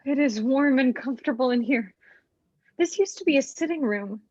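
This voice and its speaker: A woman playing a fragile, yearning young actress in a live streamed stage reading, speaking in a wistful, halting way. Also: sits high, lively intonation, a little mellow, no room sound. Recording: muffled dry home stream audio.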